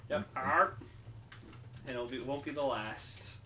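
A man's voice: medium pitch, slow pace, bright, forceful tone, a little hiss or hum. A man co-hosting a podcast, casually recapping a TV episode in a loose, rambling way full of "like" and the odd swear word. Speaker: podcast co-host. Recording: echoey room, distant from mic.

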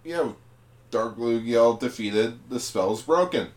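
A young man of middle pitch whose voice rises and falls a lot as he talks. He chats casually on a podcast, chiming in with quips and laughs. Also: animated, slow pace.

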